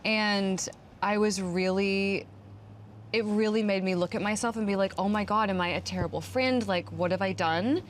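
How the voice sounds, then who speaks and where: A woman's voice: mid-range voice, normal speed, slight background noise. A woman hosting a podcast, telling a personal story in an earnest, emotional, chatty way. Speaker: podcast host. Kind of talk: candid conversational podcast chat.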